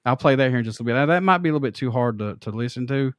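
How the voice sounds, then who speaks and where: A man hosting a casual podcast, speaking in an ordinary mid-range voice. He rambles and corrects himself in a relaxed way. The sound is dry and close-miked. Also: medium pitch, racing, smooth, no room sound. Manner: rambling, self-correcting, laid-back. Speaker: podcast host.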